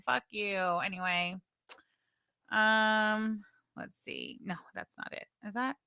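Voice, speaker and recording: A woman's voice: medium pitch, slow pace, vocal fry, sharp tone, clear, resonant tone, no room sound, studio quality. A woman hosting a livestream, bluntly chatting, swearing and thanking viewers for super chats. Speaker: livestream host. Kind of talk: casual livestream commentary.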